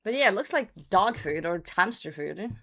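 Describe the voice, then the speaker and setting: A woman streamer with a hoarse, worn voice from being under the weather. She chats loosely with her viewers, swears casually and reads their messages aloud. Her pitch sits in an ordinary middle range for a woman. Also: animated, moderate pace, fairly bright tone. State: voice worn out from a cold. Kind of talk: casual livestream chat.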